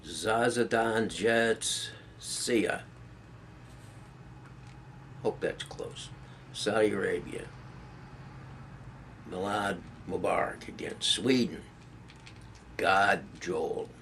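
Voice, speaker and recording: Middle-aged man, very low gravelly voice, halting folksy reading, faint background hiss. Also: fairly bright tone. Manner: reads greetings haltingly, stumbling over foreign words; folksy and self-deprecating. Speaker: video blogger. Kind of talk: casual reading to camera.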